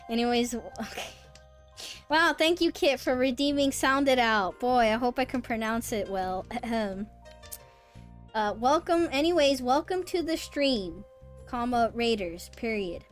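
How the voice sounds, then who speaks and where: Bubbly high-voiced woman streamer. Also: unhurried, soft background music. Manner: bubbly, squeals with excitement, then mutters softly. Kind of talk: casual live-stream chat, reading chat aloud.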